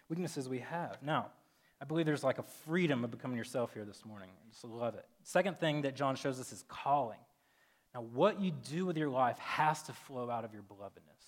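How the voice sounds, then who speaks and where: A man in his thirties, a pastor giving a casual, chatty sermon full of "like" and "um", breaking into loud, lively retellings. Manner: chatty, filler-heavy, jumps loud and high in animated retellings.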